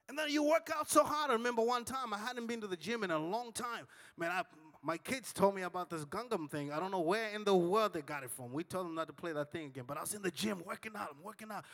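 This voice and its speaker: A man preaching with a high, bright voice that leaps into shouts and then drops to a near hush. He acts out the voices in his stories and calls on the congregation to answer him. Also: big-room sound. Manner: dramatic storytelling with big swings between shouting and hushed tones; acts out dialogue with audience call-and-response. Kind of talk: sermon.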